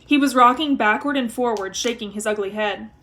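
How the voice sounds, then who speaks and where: A woman's voice: a little high, fairly quick. Woman reading a novel aloud. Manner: expressive storytelling. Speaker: reader.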